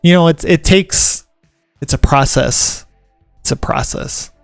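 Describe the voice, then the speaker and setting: A man's voice: on the high side, slow pace, vocal fry, no room sound, faint music behind. Rambling, joking man from the American South. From Southern United States. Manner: rambling and joking, reads article points aloud and riffs on them. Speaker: vlogger and tattoo apprentice. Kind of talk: casual chat to camera.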